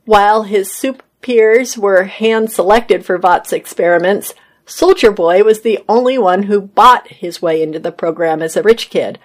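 A woman's voice: mid-range voice, unhurried. A woman reading entertainment news articles aloud as a host, adding casual asides of her own. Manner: reads articles then adds casual personal comments.

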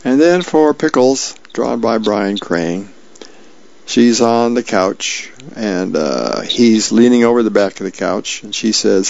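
Male radio reader, low and gravelly, casual delivery, dull lo-fi sound. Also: lively intonation, takes it slowly, darkish tone. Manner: casual, with fillers. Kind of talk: reading newspaper columns and comics aloud.

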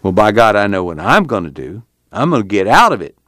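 A man's voice: on the low side, very animated, a little fast, a bit bright, no room sound, clean studio sound. A man voicing a brash, hot-headed young man with a drawl. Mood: brash, angry. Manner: brash, swearing.

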